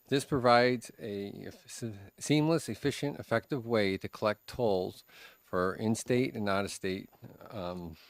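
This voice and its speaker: A man's voice: on the low side, dry recording. A man, a transportation official, reading prepared testimony to a committee, formal and stumbling on words. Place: legislative hearing room.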